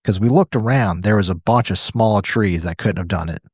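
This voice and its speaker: Deep-voiced man telling an emphatic story. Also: normal speed, a little mellow, slightly rough, no echo, studio quality. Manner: emphatic, asks and answers his own questions. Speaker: podcast co-host. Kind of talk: casual podcast storytelling.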